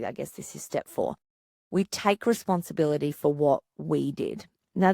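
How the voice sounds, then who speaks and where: A woman psychologist hosting a podcast, calmly coaching parents and asking rhetorical questions. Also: on the low side, no echo, studio quality. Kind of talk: podcast monologue giving parenting advice.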